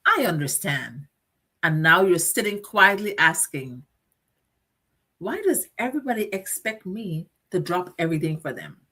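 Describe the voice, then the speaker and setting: A middle-aged woman hosts a motivational talk show in a somewhat low voice. She speaks earnestly and directly, asking her listeners questions and stacking up repeated phrases. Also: very animated, unhurried, sharp tone, slightly rough. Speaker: host.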